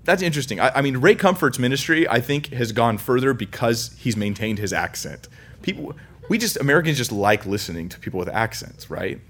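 A man's voice: expressive, fairly quick, a little hiss or hum. Emphatic preacher man from California. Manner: emphatic, swinging from loud, high stresses to low, quiet lines; light self-mocking humor with chuckles. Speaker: pastor. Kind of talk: sermon.

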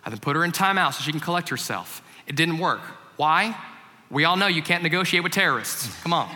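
Bright-voiced man preaching in a reverberant hall. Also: fairly high pitch, brisk. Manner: animated, shifts from loud comic storytelling to hushed reflection. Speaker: family pastor. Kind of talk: sermon with humorous storytelling.

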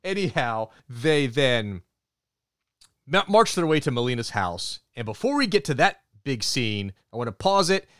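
A man co-hosting a podcast, recapping a film in an animated storytelling way. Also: mid-range voice, measured pace, smooth, no room sound, clean studio sound. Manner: animated storytelling, acts out character quotes. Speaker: podcast co-host. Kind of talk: movie review recap.

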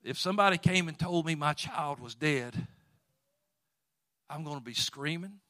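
Fervent preacher, man, rising to shouts. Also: a little high, animated, measured pace. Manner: swings from quiet storytelling to loud, fervent exhortation. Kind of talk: sermon.

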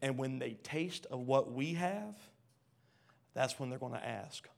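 A man serving as pastor preaches in a creaky mid-range voice at a moderate pace. He reads scripture aloud, puts questions to the congregation, and alternates between soft and loud lines.

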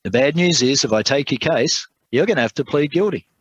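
A man voicing a kind, quiet male lawyer who speaks softly and patiently in a told sermon story. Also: mid-range voice, animated, husky, no echo, highs cut off, pitched above the performer's own voice. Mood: gentle, patient. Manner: soft-spoken, measured.

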